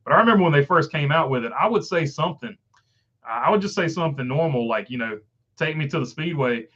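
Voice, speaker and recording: A man's voice: fairly high pitch, expressive, quick pace, a bit bright, breathy edge, highs cut off. A man with a Southern country accent hosting a casual live stream, reading viewer comments with lots of "uh" fillers. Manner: filler-heavy, rambling, frequent uh.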